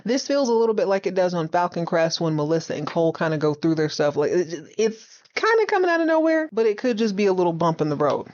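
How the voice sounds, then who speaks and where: Woman podcast host, sassy playful recap, acts out lines, medium pitch, slightly dull audio. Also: a little mellow. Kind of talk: casual recap commentary.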